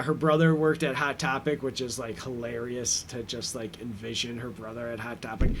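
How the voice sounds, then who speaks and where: A man's voice: medium pitch, fairly bright tone, slight background noise. A man hosting a commentary track, recapping an episode in a casual, rambling way with many fillers and restarts.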